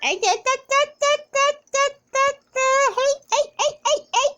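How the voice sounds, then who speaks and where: A woman's voice: very high-pitched, moderate pace, sharp tone. A woman filming her pets at home, chatting to them in sing-song baby talk. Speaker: pet owner. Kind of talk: home pet video.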